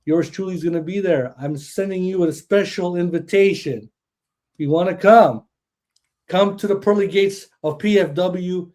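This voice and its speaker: A man hosting a podcast in an excitable, boastful way, swearing freely. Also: high voice, normal speed. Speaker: podcast host. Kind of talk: hyped casual chat.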